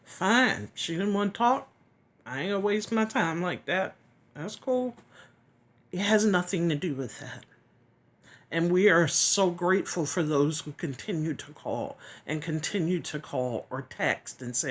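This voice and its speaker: A woman giving a heartfelt personal testimony, earnest and reflective, often pausing and sometimes dropping to a whisper. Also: on the low side, animated. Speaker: chronic illness vlogger.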